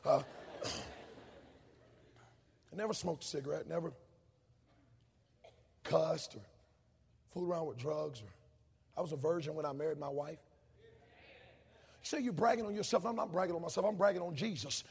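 A man in his thirties preaching a sermon, telling stories animatedly and shouting out his mother's lines. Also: on the high side, normal speed, gravelly, long pauses, husky. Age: 30s. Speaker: pastor. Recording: long hall reverb.

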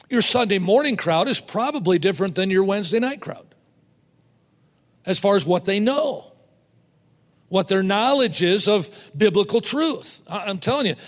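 A man preaching a sermon to fellow preachers, emphatic, repeating words and slowing down to stress points. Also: high-pitched, in a large hall. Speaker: preacher teaching other preachers.

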